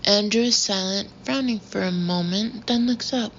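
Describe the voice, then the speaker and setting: A woman narrating a first-person audiobook in a wry, measured way. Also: mid-range voice. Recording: dull lo-fi audio with faint hiss.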